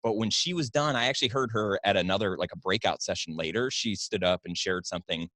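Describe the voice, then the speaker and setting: Male podcast host, lowish voice, dry studio sound, hesitant, casual. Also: fast, fairly bright tone, no echo. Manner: hesitant, many fillers and restarts.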